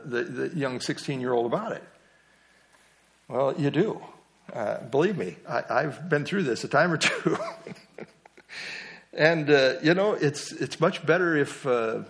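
A man's voice: medium pitch, creaky. A middle-aged man teaching a Bible study lesson. He talks conversationally, asks the class questions and adds small jokes.

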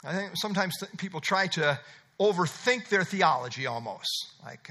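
A man's voice: high-pitched, expressive, normal speed, pushed and bright. A middle-aged man preaching an expository sermon, emphatic and conversational, repeating his key phrases. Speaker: pastor.

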